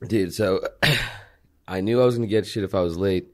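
A young man from California, a guest in casual chat on a podcast. His voice sits on the low side. He tells stories in a relaxed, profane, laugh-filled way. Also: normal speed. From California, USA. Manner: laid-back profane storytelling, laughs often.

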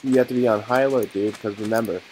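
A man's voice: on the low side, steady tone, fast, a little mellow, a little hiss or hum, rough recording. A man giving casual, joking commentary over his game video and talking to his viewers. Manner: joking, laughs often, talks to viewers. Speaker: gaming video host.

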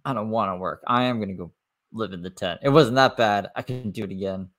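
This is a whiny, sarcastic woman, as a man mimics her. The tone is an exaggerated, mocking impression, pushed up high above a normal speaking voice. It swings broadly up and down. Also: fairly quick, a bit bright, lightly acted.

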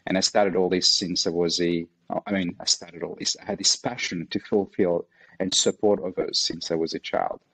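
A man from Mauritius with a French accent, French his first language, a martial arts instructor chatting as an interview guest, laughing often and pausing with fillers. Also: deep voice, fairly even intonation, fairly bright tone, slightly rough, rough recording. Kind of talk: casual interview conversation.

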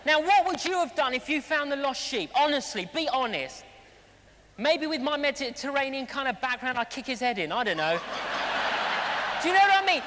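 Animated man preaching in a big hall. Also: extremely high pitch, moderate pace, slight background noise. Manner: animated storytelling, acting out voices and jokes. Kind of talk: sermon. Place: large hall at a live celebration. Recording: long reverb of a big hall.

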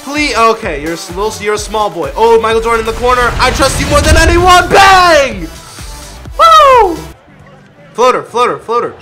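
A man giving live commentary over a basketball video game, excitable, shouting at his players and laughing often. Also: very high voice, normal speed, loud music behind the voice, a loud crowd. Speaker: gaming YouTuber.

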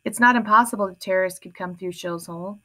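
A woman's voice: medium pitch, quick pace, a bit bright, lightly acted. A woman voicing a sarcastic, mocking teenage boy in an audiobook.

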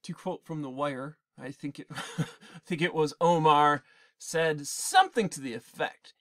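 A male English teacher lectures his class on literature in an animated, digressive way, often restarting his sentences. His voice sits a little high. The tone is bright and tense. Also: a little slow.

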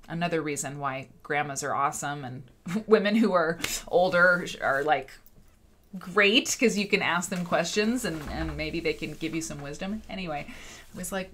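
A woman's voice: sits low, normal speed, fairly bright tone. A woman hosting a livestream in casual, rambling chat, laughing often. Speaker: show host.

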